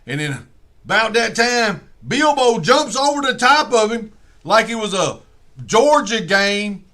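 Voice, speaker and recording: A man with a drawl spins a comic yarn in a high, bright voice. He rambles from one tangent to the next in a folksy, profane way. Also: sing-song, measured pace. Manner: folksy, profane, digressive storytelling. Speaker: comedian.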